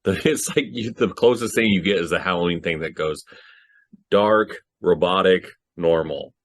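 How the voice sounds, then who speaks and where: Deep-voiced man in casual film chat. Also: brisk, no echo, studio quality. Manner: animated, swears, laughs often. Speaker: podcast co-host. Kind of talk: casual movie discussion.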